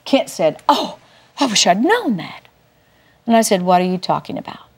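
An older woman giving a Christian teaching through a personal testimony, telling it emphatically with big swings up in pitch. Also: sing-song, moderate pace, breathy edge. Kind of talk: testimony-style Bible teaching.

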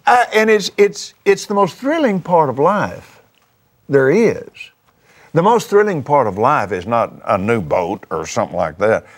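A man's voice: medium pitch, unhurried. A man who hosts a TV show and preaches in a testimony style while chatting, fervent and exclamatory. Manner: fervent and exclamatory, with sudden excited jumps.

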